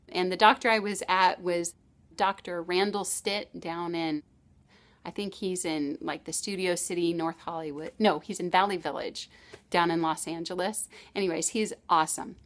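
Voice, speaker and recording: A middle-aged woman giving casual parenting advice, telling a personal story in a chatty way with frequent restarts. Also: on the low side. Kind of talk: casual advice talk to camera.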